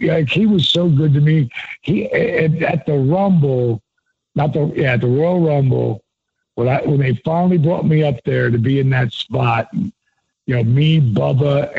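A man's voice: mid-range voice, gravelly, slightly rough, dull audio. A man in his sixties, a former pro wrestler and guest, telling stories with profanity and emphasis. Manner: profane, emphatic, laughs often. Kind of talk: animated storytelling.

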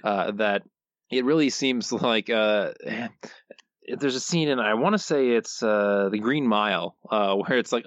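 A man's voice: on the low side, measured pace, no room sound. Male podcast co-host, dry and wry, lo-fi muffled mic. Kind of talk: casual review chat.

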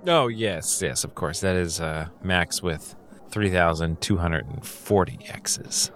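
A man's voice: deep voice, slow, a bit bright. A man narrating a tabletop role-playing game as game master, with playful salesman patter. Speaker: game master voicing shopkeepers.

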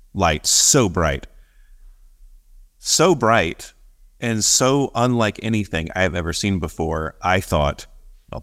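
A man co-hosting a podcast, telling a story in casual chat, animated, acting out the voices of the people he quotes and laughing often. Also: sits low. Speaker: podcast co-host.

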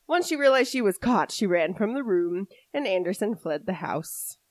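A woman co-hosting a casual true-crime podcast, telling the story in an animated way and often laughing. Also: mid-range voice, a little slow, dry recording. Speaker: podcast co-host.

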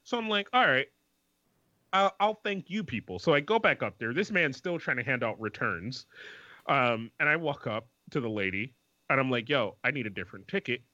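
A man's voice: medium pitch, normal speed, dry recording. A man co-hosting a podcast, telling a story in casual chat, swearing a lot and acting out the people he quotes. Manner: profane, animated, acts out quoted people. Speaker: podcast co-host. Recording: dull lo-fi sound.

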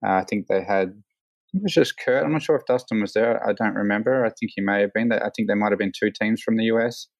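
An Australian man with a fairly low voice tells a long story in a relaxed interview, leaning on fillers and slipping into livelier voices when he quotes people. The sound is dry and close, with no room echo. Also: fast talker. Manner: rambling, many fillers, animated quoting. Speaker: hang glider pilot, guest.

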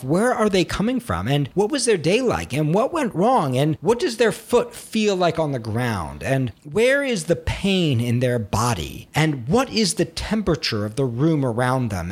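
A man gives a screenwriting lesson in a slightly husky voice. His pitch swings freely as he talks. He is expressive and animated, and now and then he acts out the nagging inner critic. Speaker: screenwriting teacher. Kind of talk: instructional talk to camera.

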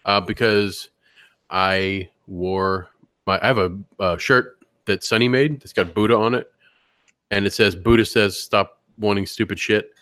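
A man co-hosting a podcast, chatting casually and telling anecdotes with animated voice impressions. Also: fairly low pitch, measured pace, smooth, no echo, clean studio sound. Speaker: podcast co-host. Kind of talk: casual chat.

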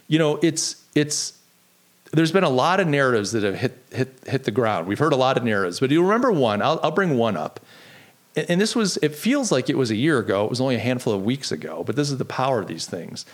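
A man hosting a solo podcast, talking in an earnest, conversational way with frequent restarts. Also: medium pitch. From United States. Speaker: podcast host.

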